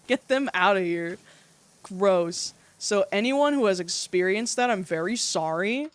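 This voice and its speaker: A young woman streamer telling stories in casual livestream chat, animated, swearing freely and laughing often. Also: medium pitch, measured pace, dry recording.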